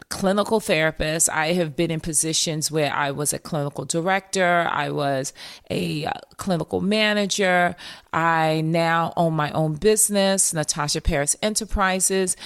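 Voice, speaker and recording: A woman's voice: fairly low pitch, clean tone. Emphatic woman therapist hosting a podcast. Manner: emphatic, repeats key phrases for stress; addresses listeners as "my friends". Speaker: podcast host, mental health therapist. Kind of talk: motivational podcast talk.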